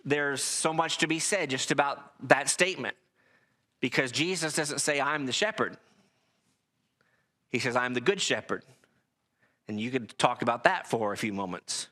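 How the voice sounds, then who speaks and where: A man's voice: mid-range voice, moderate pace, bright, forceful tone. A man preaching a sermon to a congregation, reading scripture aloud and making emphatic points.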